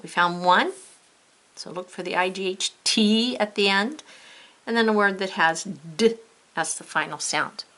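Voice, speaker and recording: A woman's voice: medium pitch, unhurried, fairly bright tone. A woman teaching a spelling lesson, spelling words out letter by letter in a patient, encouraging way.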